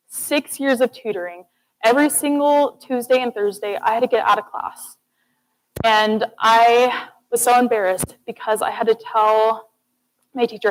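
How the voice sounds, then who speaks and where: A woman's voice: a little high, steady tone, normal speed, poor audio. A young woman giving a student TED-style presentation, earnest and encouraging, talking straight to the audience. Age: young adult. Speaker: student speaker. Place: classroom or lecture hall.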